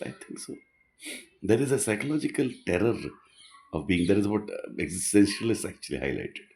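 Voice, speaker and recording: A man's voice: on the low side, mellow. A man giving an earnest, rambling reflective monologue, often restarting his sentences.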